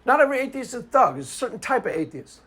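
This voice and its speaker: A man's voice: extremely high pitch, very animated, very fast, fairly bright tone, breathy edge. A man giving an unscripted commentary monologue, combative and sarcastic, repeating his points for emphasis. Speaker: video commentator.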